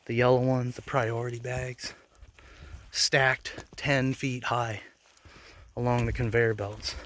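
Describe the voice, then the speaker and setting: A man's voice: medium pitch, no room sound. A man in his forties telling personal stories in a casual vlog, blunt and profane, rambling with bursts of anger. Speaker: vlogger.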